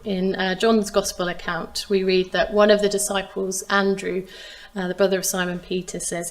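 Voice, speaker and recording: A woman preaching a sermon, retelling a Bible story in a measured, expressive way. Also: medium pitch. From England. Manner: measured, expressive reading of scripture.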